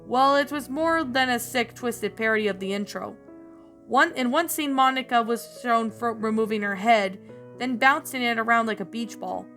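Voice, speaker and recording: A woman's voice: on the high side, normal speed, a bit bright, soft background music. A woman narrator reading a fan story aloud, often stumbling and restarting words.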